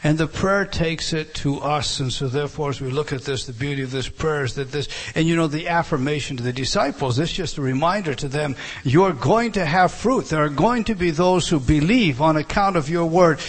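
A man's voice: fairly high pitch, a little fast, few pauses. A man giving a verse-by-verse Bible lesson, emphatic, with chatty asides to his class. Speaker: Bible teacher.

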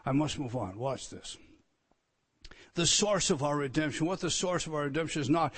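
Male preacher, slightly higher voice, earnest sermon delivery that swings from hushed asides to loud emphasis. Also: lively intonation, normal speed, breathy edge. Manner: swings between quiet, tender asides and loud emphatic declarations; earnest and emotional, moved nearly to tears.

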